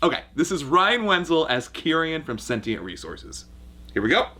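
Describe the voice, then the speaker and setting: Animated bright-voiced male host. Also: fairly high pitch, moderate pace, slight background noise. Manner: animated, laughs often. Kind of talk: casual commentary chat.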